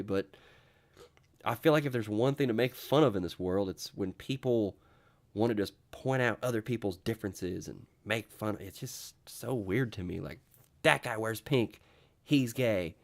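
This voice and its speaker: A young man hosting his own talk show, rambling casually with lots of fillers and restarts. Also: lowish voice. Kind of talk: casual solo vlog monologue.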